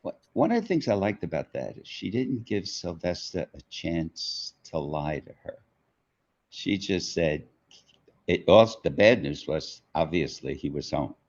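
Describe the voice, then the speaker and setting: An older man tells a childhood story in an interview. He speaks slowly in a very low voice and acts out the people he quotes. The audio is dull and lo-fi. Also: sing-song, a little mellow. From New York. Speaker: author being interviewed.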